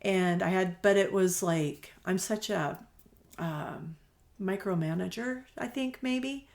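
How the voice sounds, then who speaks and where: This woman takes it slowly, her mid-range voice darkish with vocal fry. Middle-aged and running a quilt shop, she's a guest on an interview podcast, spinning stories in casual conversation, acting out what people said, and laughing easily.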